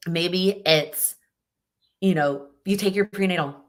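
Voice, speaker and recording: A woman's voice: fairly low pitch, slow. A young woman hosting a live Q&A, chatting casually and giving encouraging advice, often restarting her sentences. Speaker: host answering viewer questions.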